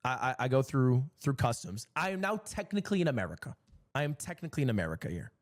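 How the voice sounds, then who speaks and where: A young man streamer telling a long, exasperated story in a casual, swearing, animated way. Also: medium pitch, fast talker.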